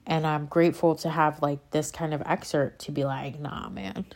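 In this casual spiritual monologue, a woman who vlogs about faith speaks in a low, somewhat dark voice with a flat delivery at a moderate pace. She grows impassioned as she goes, wandering off track and interrupting her own sentences.

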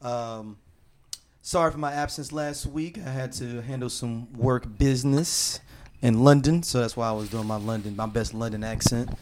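A man's voice: mid-range voice, steady tone, moderate pace, darkish tone. A man hosting a casual podcast chat, loose and joking, laughing often. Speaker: podcast host.

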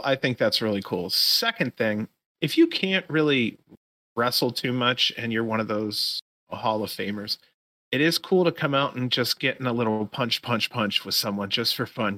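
A man hosting a casual podcast, talking through a recap in loose, profane play-by-play. His voice is bright and forceful, recorded close and dry with no room sound. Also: medium pitch, no echo. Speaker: podcast host.

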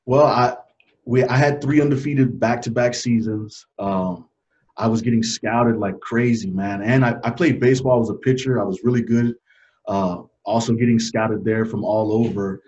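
A man in his forties telling a personal story as an interview guest, earnest and halting, getting choked up and dropping his voice low and soft. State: emotional, choked up. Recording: dull lo-fi audio.

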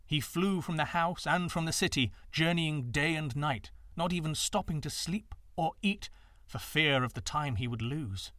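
Man reading folktales, lively swinging pitch, bright, dry close sound. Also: normal speed, dry recording. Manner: expressive, dramatic. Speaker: storyteller. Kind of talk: scripted storybook narration.

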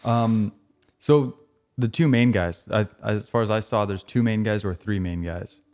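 A man co-hosting a music podcast, with a somewhat low voice. He talks in a loose, rambling way, full of fillers and restarts, as he chats casually about a band. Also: unhurried, darkish tone. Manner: laid-back, rambling, many fillers. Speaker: podcast co-host. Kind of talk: casual music review chat.

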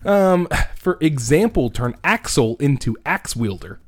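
A man's voice: fairly high pitch, big pitch swings, unhurried. A man co-hosting a casual podcast chat, joking around and reading items off a list, with the hiccups. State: has the hiccups. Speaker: podcast co-host.

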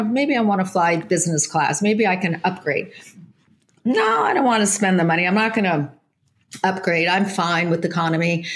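A woman, a psychic medium, telling an anecdote in an interview, lively, with many restarts and self-corrections. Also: mid-range voice, normal speed. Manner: animated storytelling with many restarts.

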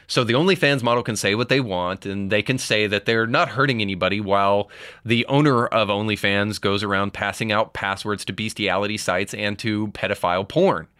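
Male podcast host with a lowish voice, recorded dry. He reads out quotes, then comments on them. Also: bright, forceful tone, clear, resonant tone, dry recording. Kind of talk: opinion commentary.

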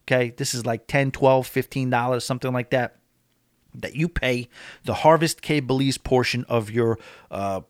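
A man's voice: mid-range voice, no echo, clean studio sound. A man vlogging about a cruise in a casual, opinionated monologue, talking with emphasis.

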